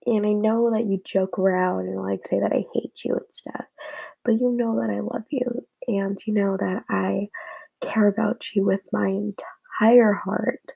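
A young woman speaks in a casual, rambling way as she thanks her friends one by one, emotional and sometimes sinking low. Her voice is mellow and dark, with a gravelly, husky grain. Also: steady tone, unhurried, low-quality recording. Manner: rambling, emotional, drops to a whisper at times. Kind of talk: casual heartfelt message to friends.

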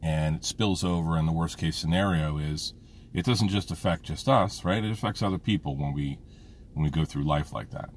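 A man's voice: a bass voice, normal speed, slight background noise. A middle-aged man and father talking through a frank, rambling personal monologue, swearing freely. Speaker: vlogger, father.

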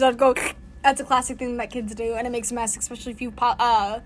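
A young woman co-hosting a podcast in casual chat, talking quickly and laughing often. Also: fairly high pitch, little pitch movement. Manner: fast-talking, giggly. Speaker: podcast co-host.

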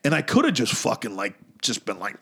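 A young man co-hosting a podcast, telling an animated, profane story and acting out what people said. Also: mid-range voice, fairly quick, vocal fry, husky. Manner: animated, swears constantly, acts out quotes. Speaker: podcast co-host. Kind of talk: casual chat, profane storytelling.

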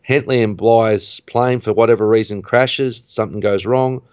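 A man hosting a podcast, casually recapping a film plot in an animated way, his voice rising at the tense moments. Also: on the low side, moderate pace, clean tone, no room sound. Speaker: podcast host. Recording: dull, dry lo-fi recording.

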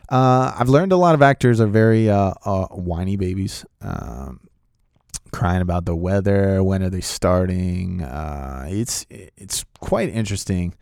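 A man with a fairly low voice tells a movie-set story in a rambling, excitable way, full of fillers and restarts. The sound is close and dry. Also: vocal fry, clear, resonant tone, dry recording. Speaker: actor telling a set story. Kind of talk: casual anecdote.

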